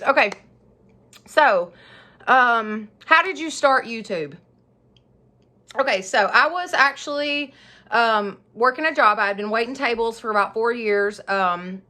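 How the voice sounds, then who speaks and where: A woman's voice: on the high side, sharp tone. A woman, chatting through a casual Q&A vlog, rambling and often laughing. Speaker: YouTuber of a home decor channel.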